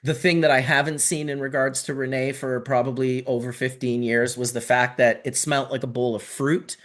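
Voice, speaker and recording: A man's voice: mid-range voice, flat delivery, moderate pace, fairly bright tone. A middle-aged man from Canada, a podcast guest telling long stories in casual conversation, rambling and swearing, with lots of fillers and restarts.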